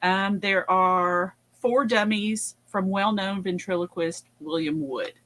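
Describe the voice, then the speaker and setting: A woman's voice: mid-range voice, slow pace, fairly bright tone. A woman co-hosting a live chat show, easygoing and plain as she reads off facts. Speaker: co-host.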